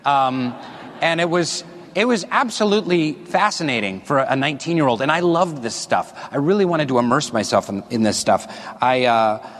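A man's voice: medium pitch, animated, moderate pace, a bit bright. Rambling man speaking on a stage. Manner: rambling and self-deprecating, with jokes to the crowd. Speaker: speaker giving a talk. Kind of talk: stage talk to an audience. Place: stage in a large hall. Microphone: wearing a body mic. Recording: long reverb of a large hall.

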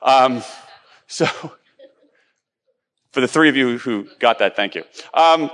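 A man's voice: medium pitch, expressive, a little slow, long pauses, pushed and bright, big-room sound. A middle-aged man giving a chatty, self-deprecating live conference talk, with many ums and restarts. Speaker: conference speaker.

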